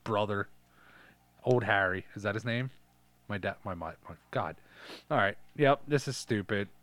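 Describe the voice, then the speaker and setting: A man co-hosting a casual podcast, riffing crudely on a film and slipping into quick character voices as he swears his way through the scenes. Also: fairly low pitch, a bit bright, no room sound. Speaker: podcast co-host. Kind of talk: casual crude movie-riff chat.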